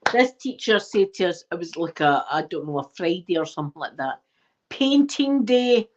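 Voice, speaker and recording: Through a dull lo-fi mic, a Scottish woman with a low-sitting voice talks fairly quickly as she tells a story to her live chat. As the channel's host, she's animated and emphatic, repeating herself for effect.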